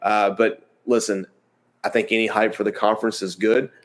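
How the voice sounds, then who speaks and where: A man's voice: on the low side, flat delivery, moderate pace. Easygoing man co-hosting a sports show. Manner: easygoing, chatty with fillers. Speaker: co-host. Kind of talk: casual sports chat.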